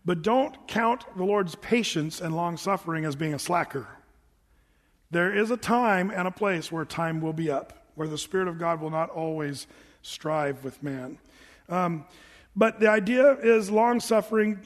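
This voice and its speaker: In a reverberant church sanctuary, a man with a high voice preaches a sermon at moderate speed. He's animated and conversational, tossing in rhetorical asides, and the recording carries the hall's long reverb.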